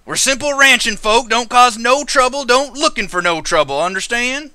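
A man's voice: very high-pitched, slow, sharp tone, no echo, voice pushed up, full character voice. A man voicing a wary, folksy female lizardfolk rancher with a rural drawl, in a tabletop game.

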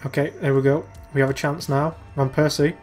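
A man's voice: on the high side, little pitch movement, brisk, a little mellow, faint music behind. A young man commentating live over a football video game, exasperated and urging his players on. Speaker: gaming YouTuber.

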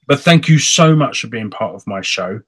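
An English man hosting an interview show in a casual, chatty way, animated and playful. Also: mid-range voice, moderate pace, husky. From England. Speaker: host. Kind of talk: casual chat.

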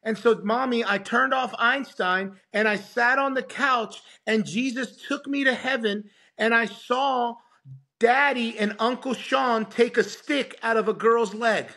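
A man's voice: very high-pitched, unhurried, gravelly. A man, a pastor, telling a testimony as a podcast guest and acting out the voices of the people in it. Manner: animated, acts out quoted voices. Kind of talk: storytelling testimony.

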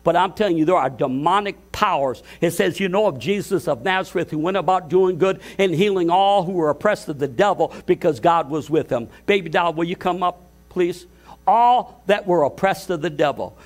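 An older pastor preaches with a high voice at a church service. He builds to fervent shouts and trips over his own restarts. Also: moderate pace. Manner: impassioned, climbing to shouts, stumbling restarts. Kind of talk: sermon.

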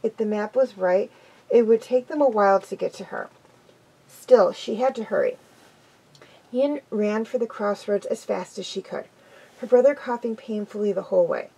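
A woman's voice: mid-range voice, gravelly, mellow, slightly rough, poor audio. A woman reading a children's adventure story aloud, with an unpolished delivery that stumbles and restarts now and then.

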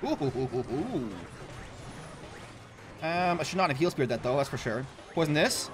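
A man's voice: a little high, expressive, normal speed, noisy background. A young man giving casual, chatty gameplay commentary as a gaming YouTuber, self-mocking and laughing often.

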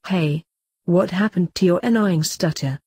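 A snappy young witch, voiced by a woman reader speaks with quick irritation. The voice is low and mellow, recorded dry and close. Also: breathy edge, dry recording. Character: snappy, sharp-tongued young girl witch.

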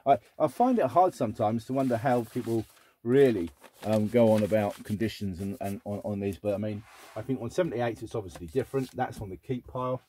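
A man casually sorting through a box of old records, chatting and thinking aloud, rambling with bursts of excitement. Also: lowish voice, brisk, a little hiss or hum. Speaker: record collector host. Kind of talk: casual unboxing chat.

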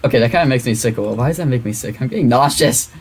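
A young man giving excitable, rambling commentary as he plays a computer game. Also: medium pitch, racing, slight background noise. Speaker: gaming youtuber. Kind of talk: casual let's-play commentary.

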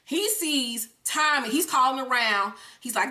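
High bright profane woman recapping TV. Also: measured pace. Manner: animated, profane, acts out characters. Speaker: TV recap host. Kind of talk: casual profane episode recap.

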